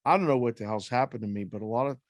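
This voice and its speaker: Male podcast co-host, dry close sound, jokey animated betting banter. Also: mid-range voice, rapid-fire, no room sound. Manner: animated, jokey, self-mocking. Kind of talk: casual sports betting chat.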